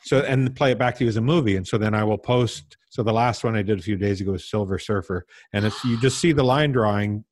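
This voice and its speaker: A man's voice: fairly low pitch, fast, few pauses. A man, a comedian guest on a podcast, talking casually with dry, self-deprecating humor. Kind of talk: casual interview chat.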